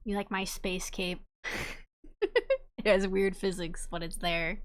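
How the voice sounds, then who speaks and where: A woman chatting casually on a livestream as she plays a game, bubbly and quick to giggle, warmly greeting her viewers. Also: lowish voice, level tone, clean tone. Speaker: streamer playing a game.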